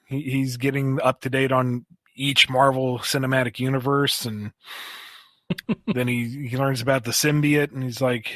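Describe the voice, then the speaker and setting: A man hosting a podcast, chatting casually and spinning out playful, silly scenarios. His voice sounds bright at a mid pitch. The sound is close and dry. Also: level tone, measured pace, dry recording. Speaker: podcast host.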